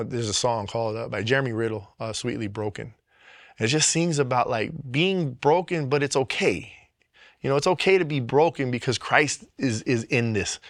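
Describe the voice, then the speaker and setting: A man's voice: mid-range voice, no echo. Man, faith testimony, earnest and emotional, repeats himself, dry close sound. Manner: earnest, emotional, with repetitions and restarts. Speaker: testimony speaker.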